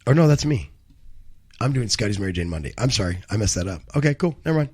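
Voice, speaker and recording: A man's voice: fairly low pitch, lively intonation, fast, darkish tone, breathy edge. A man co-hosting a live cannabis news show, rambling and profane, often correcting himself mid-sentence. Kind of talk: casual live show banter and news commentary.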